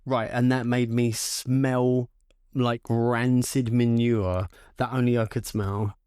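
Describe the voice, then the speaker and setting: A man's voice: medium pitch, slow pace, clear, resonant tone, dry recording, clean studio sound. A young man, co-hosting a podcast, telling a story with lots of swearing and acted-out voices of the people in it. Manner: animated storyteller who acts out quoted voices and swears freely. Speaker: podcast co-host. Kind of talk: casual storytelling chat.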